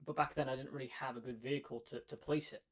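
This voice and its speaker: A young adult male vlogger tells a casual story in an energetic, emphatic monologue, repeating phrases for effect. He has a medium-pitched voice with vocal fry, talks fast, and sounds slightly out of breath.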